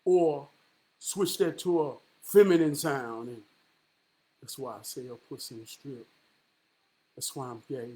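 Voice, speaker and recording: A man's voice: mid-range voice, fairly even intonation, measured pace, pauses often, mellow. A man delivering an impassioned monologue, emphatic and profane, firing off rhetorical questions and tagging "man" onto his lines. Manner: repeats "man" as a filler.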